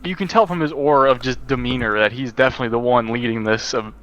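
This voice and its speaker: A man's voice: mid-range voice, steady tone, quick pace, fairly bright tone, lo-fi sound. A man running a tabletop game as game master, narrating in a rambling way that keeps correcting itself.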